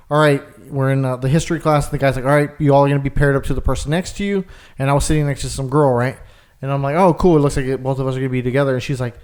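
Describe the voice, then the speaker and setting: A man's voice: mid-range voice, a little mellow. Young male podcast co-host, rambling casual storyteller, mid-range voice, loose and chatty. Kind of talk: casual chat.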